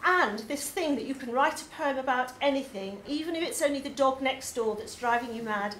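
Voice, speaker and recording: High-voiced English woman tutor, echoey hall. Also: expressive, brisk, a bit bright. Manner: enthusiastic, chatty with frequent ums. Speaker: poetry tutor. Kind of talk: course presentation to a group. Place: labour club hall. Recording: echoey hall, faint noise.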